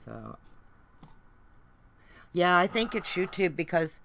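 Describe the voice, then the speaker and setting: A woman's voice: fairly low pitch, big pitch swings, slow pace, gravelly, a bit bright, a little hiss or hum. A middle-aged woman with a Southern accent, chatting folksily to her livestream viewers while she works on a craft project. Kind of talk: casual chat while crafting.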